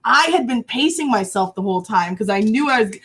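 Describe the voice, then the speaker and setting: A woman in her twenties, a guest in a casual chat, telling stories in an animated way with frequent laughs. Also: a little high, brisk, slightly rough. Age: 20s.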